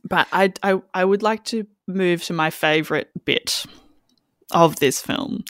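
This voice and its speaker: A woman's voice: fairly low pitch, a little slow, fairly bright tone, no room sound, studio quality. A woman hosting a podcast, chatting casually and acting out quotes as she talks. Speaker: podcast host. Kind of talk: casual chat.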